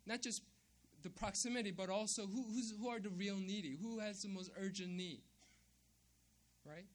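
A man's voice: high-pitched, moderate pace. A man preaching a sermon, emphatic, repeating key phrases and checking in with "right?". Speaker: pastor.

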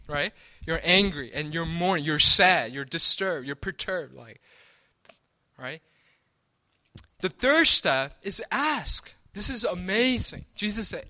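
High, bright-voiced male preacher. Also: lively intonation, takes it slowly. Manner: repeats "right?" often, restarts and stammers. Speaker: pastor. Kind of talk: sermon.

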